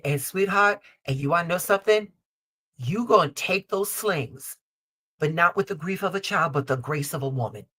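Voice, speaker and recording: A woman's voice: on the low side, a bit bright, husky. A middle-aged woman from Chicago hosting a live-stream tarot reading, emphatic and repetitive, calling her listeners baby and honey and cursing freely. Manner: emphatic, repeats lines, calls listeners baby and honey, salty language. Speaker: tarot reader and show host. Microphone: streaming call setup.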